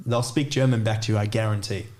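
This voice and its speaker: A man's voice: on the low side, fairly even intonation, fast talker, a little mellow. A man with an Australian accent chatting as a podcast guest, rambling and full of filler words. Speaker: guest, DJ and music producer. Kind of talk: casual podcast chat.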